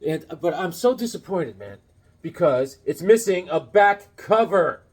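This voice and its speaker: Guy rambling about his comic books, corny jokes, slightly higher voice. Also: lively intonation, a little slow. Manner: rambling and jokey, full of corny puns and asides. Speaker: comic book collector and channel host. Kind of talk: casual comic book review chat.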